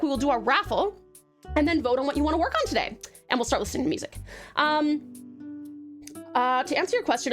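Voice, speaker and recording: A woman's voice: sits high, fairly bright tone. A young woman from Australia with an Australian accent tinged with American, chatting bubbly on a live stream, greeting viewers with pet names and laughing often. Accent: Australian with American traces. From Tasmania, Australia. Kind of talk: casual live-stream chat.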